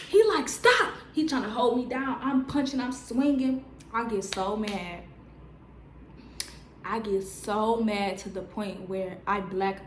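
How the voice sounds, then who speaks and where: Slangy, animated young woman in a roomy room. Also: mid-range voice, background noise. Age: 20s. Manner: animated, slangy storytelling with many "like" fillers. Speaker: vlogger. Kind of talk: storytime vlog. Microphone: on-camera mic.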